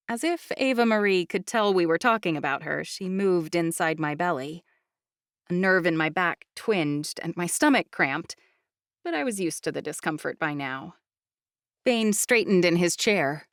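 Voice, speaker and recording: Brief: female audiobook narrator, steady first-person storytelling, middle pitch, dry close sound. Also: a little slow, dry recording.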